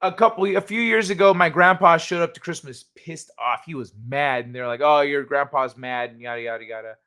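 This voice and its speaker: A man's voice: on the high side, brisk, bright, forceful tone. Laid-back swearing streamer, a man. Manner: laid-back and profane, trailing off into mumbles. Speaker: livestream host. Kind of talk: casual chat, reading chat messages aloud.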